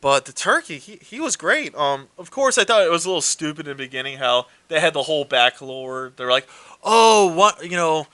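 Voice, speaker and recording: A man with a fairly high, bright voice retells horror movie plots in a casual chat. He acts out the characters' lines and swears freely. The sound is dry and close. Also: fairly quick, few pauses, no room sound. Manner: animated storytelling with swearing and acted quotes. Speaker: co-host.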